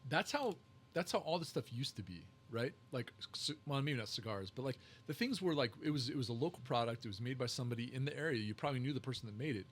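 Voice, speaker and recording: A man's voice: mid-range voice, animated, fast talker, a little hiss or hum. A man, a podcast guest who makes cigars, telling long casual stories with lots of fillers and restarts. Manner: rambling, many fillers and restarts. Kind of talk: casual storytelling.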